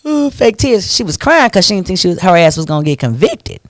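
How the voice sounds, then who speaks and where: A man hosting a radio talk show, ranting in an animated, preachy way into a studio microphone. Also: high-pitched, quick pace, no echo.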